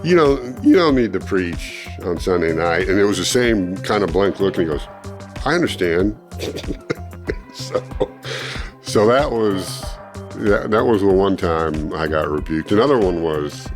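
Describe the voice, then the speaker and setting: An older man, interviewed, recounting a personal story and acting out what others said in lively bursts. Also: rumbling low. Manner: animated storytelling, acting out quoted speech. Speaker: interviewee, former ministry student.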